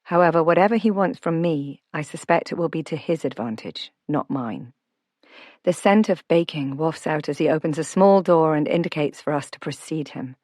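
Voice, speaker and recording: A woman reading a first-person novel as an audiobook narrator, in a measured, reflective way. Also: sits low, darkish tone, no room sound, studio quality.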